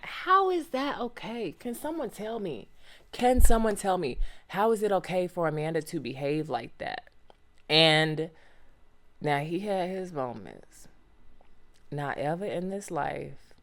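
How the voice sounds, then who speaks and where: A woman with a low-pitched, fairly bright voice hosts a solo podcast. She's casual, animated, and slangy, tossing out lots of exclamations and rhetorical questions in a conversational style.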